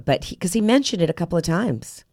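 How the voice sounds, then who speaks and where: A middle-aged woman, a character actress, talking casually as a podcast guest, chatty and halting with many restarts. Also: lowish voice, lively intonation, a little mellow, dry recording, studio quality.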